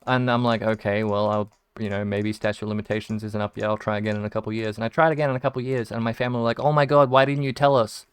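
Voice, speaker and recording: A man's voice: on the low side, fairly even intonation, rapid-fire, few pauses, clear, resonant tone. A young Australian man telling rambling stories full of restarts and swearing while he plays a game. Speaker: video game streamer. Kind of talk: casual storytelling while gaming.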